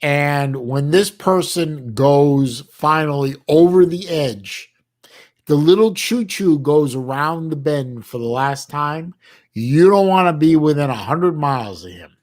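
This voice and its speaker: A middle-aged man from the United States hosting a livestream, chatting casually with his chat in a halting way with many restarts and folksy slang. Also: on the high side, expressive, a little mellow. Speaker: livestream host reading chat.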